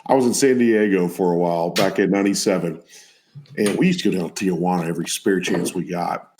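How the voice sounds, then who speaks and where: A man hosting a casual talk show, asking questions with stumbling restarts and telling his own lively story. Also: sits low, fast, noisy background. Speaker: show host. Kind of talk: casual chat.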